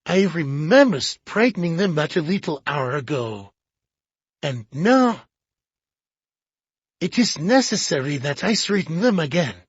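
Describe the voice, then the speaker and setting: An audiobook reader voicing a fussy, excitable older male Belgian detective who talks slowly and emphatically with pointed questions. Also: mid-range voice, slightly rough, no room sound. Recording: dull lo-fi audiobook.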